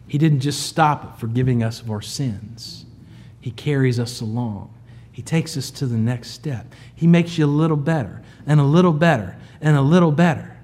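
A man preaching a sermon, moving from quiet, low storytelling to loud, emphatic high peaks. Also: moderate pace. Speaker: pastor.

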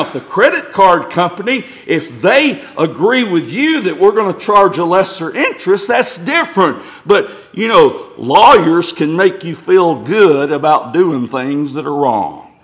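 A man's voice: fairly high pitch, expressive, measured pace, fairly bright tone. A middle-aged male pastor preaching a sermon, reading scripture aloud and building to emphatic points.

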